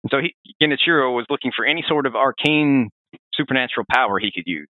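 Lively fast-talking man on a tinny line. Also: medium pitch, no room sound. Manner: rambling, animated storytelling with restarts. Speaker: podcast host. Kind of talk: casual lore discussion. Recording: dry, phone-like narrow sound.

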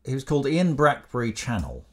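A man's voice: medium pitch, huge pitch swings, brisk. A man co-hosting a podcast, explaining at length in a casual, drily humorous way. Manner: explains at length with many fillers and restarts, dry humour. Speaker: podcast co-host.

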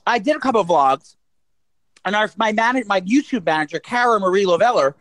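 A man's voice: sits high, lively intonation, fairly quick, fairly bright tone, dry recording, poor audio. A man co-hosting a podcast in casual chat, rambling on with lots of "like" and "um" and reading out his own promos. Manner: chatty and rambling, full of "like" and "um"; reads out promos. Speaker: podcast co-host.

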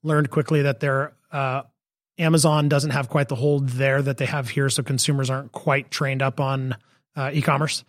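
A man of middle pitch talks through his business in a measured, explanatory way, pausing on fillers as he gathers his thoughts. The sound is dry and close, with no room around it. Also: level tone, dry recording. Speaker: company co-founder and CEO, guest. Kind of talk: conversational podcast interview.

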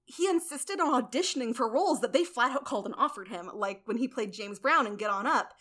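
A woman hosting a casual podcast, telling film history in a lively way and acting out quotes. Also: on the high side, brisk. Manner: animated storyteller acting out quotes. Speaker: podcast host.

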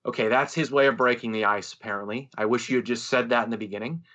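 A man on a podcast telling a story in a lively, casual way, swearing and acting out what others said. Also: medium pitch, fast talker. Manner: animated storyteller, swears freely, acts out quoted voices. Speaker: podcast co-host, musician.

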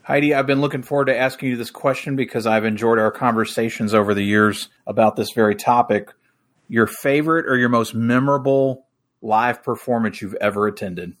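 A man's voice: medium pitch, brisk. A man co-hosting a podcast, reading a sponsor thanks and asking the guest questions. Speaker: podcast co-host. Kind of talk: casual interview questions.

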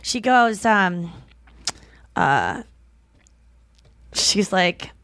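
A woman's voice: mid-range voice, very animated, very slow, fairly bright tone, smooth, dry recording. A young woman co-hosting a podcast, telling stories in a chatty, gushing way full of "like" fillers. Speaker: podcast co-host. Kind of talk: casual podcast chat.

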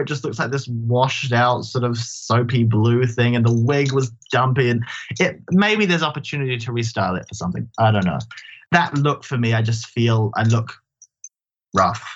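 A man who performs in drag, chatting as an interview guest in an animated, self-deprecating way. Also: medium pitch, lo-fi sound. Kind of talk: casual interview chat.

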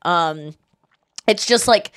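A woman podcast host and comedian telling a casual story in an animated, giggly way, full of fillers. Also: fairly low pitch, takes it slowly, clear, resonant tone.

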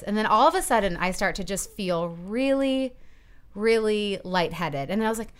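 A middle-aged woman telling an embarrassing story in a casual podcast chat, animated and giggly, acting out her own quotes. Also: mid-range voice, normal speed. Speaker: podcast guest.

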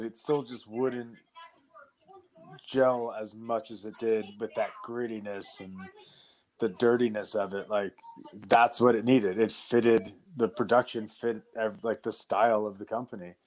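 Animated young man telling stories. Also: lowish voice. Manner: animated, laughs while telling stories, many fillers. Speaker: interview guest, wrestler. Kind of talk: casual storytelling.

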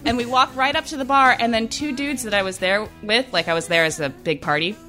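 A woman's voice: on the high side, a little fast, faint music behind. A woman telling funny stories in a casual chat, laughing often and talking with lots of energy. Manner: animated, laughing storyteller.

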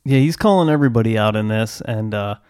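A man's voice: lowish voice, fast, darkish tone, clear, resonant tone, dry recording, studio quality. A man co-hosting a podcast, commenting on clips in a casual, conversational way. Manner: conversational, hesitant restarts. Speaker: podcast co-host.

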